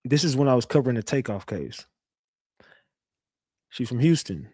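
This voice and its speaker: In clean studio audio without room sound, a host with a medium-pitched, slightly mellow voice talks to viewers of his online show. His pace is moderate and his intonation lively as he swears and meanders through casual stories.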